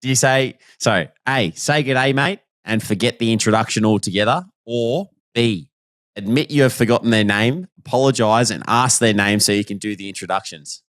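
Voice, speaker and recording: A man with an Australian accent co-hosting a casual chat, relaxed and matey, laughing easily. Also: medium pitch, moderate pace, no room sound, clean studio sound. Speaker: podcast co-host and footballer.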